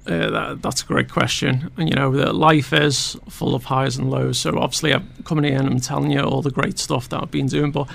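A man's voice: medium pitch, fairly even intonation, a little fast, vocal fry, hardly any pauses, fairly bright tone. A man with a Scouse accent speaking as a radio guest, earnest and reflective in a studio. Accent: Scouse (Liverpool). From Liverpool, England. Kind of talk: radio interview.

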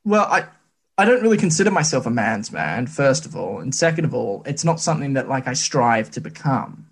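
Husky-voiced man in his late twenties. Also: medium pitch, sing-song, a little fast. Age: late 20s. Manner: rambling anecdotal storyteller, self-deprecating. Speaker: podcast co-host. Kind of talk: casual chat.

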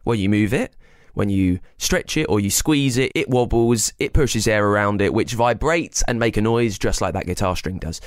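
On a children's science podcast, a man with a slightly gravelly, lowish voice explains ideas playfully, addressing young listeners directly. He talks at a normal speed, and there's no echo.

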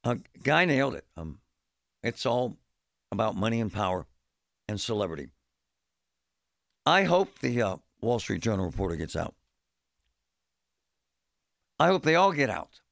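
A man's voice: lowish voice, very animated, a little slow, vocal fry, long pauses, fairly bright tone, dry recording, studio quality. A man hosting a talk radio show, speaking bluntly in a fed-up, folksy way. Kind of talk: opinionated talk radio monologue. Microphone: studio microphone.

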